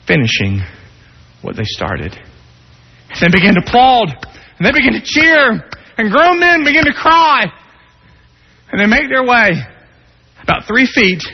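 A man preaching a sermon, telling a story dramatically, dropping low and soft, then rising for emphasis. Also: slightly rough. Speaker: pastor. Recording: dull, long-reverb hall sound.

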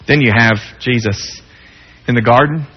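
A man preaching a sermon, dropping to hushed low tones and rising to raised pleading. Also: moderate pace, husky. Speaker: pastor. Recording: dull lo-fi sound with long hall reverb.

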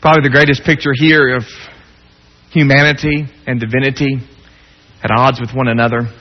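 Male preacher, dramatic swings from hushed to pleading, muffled lo-fi sound. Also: little pitch movement, brisk. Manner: dramatic, swings between hushed low tones and raised pleading. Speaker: pastor. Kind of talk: sermon. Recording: dull lo-fi sound with long hall reverb.

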